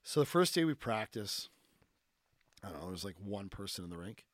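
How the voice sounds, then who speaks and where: Male podcast guest, animated, filler-heavy storyteller, dry close sound. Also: on the low side, fairly quick, no room sound. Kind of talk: casual storytelling.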